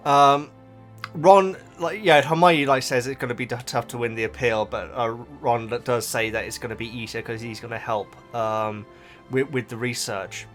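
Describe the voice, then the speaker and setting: A man hosting a casual book reaction, animated and emotional, with frequent restarts. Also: mid-range voice, moderate pace, soft background music.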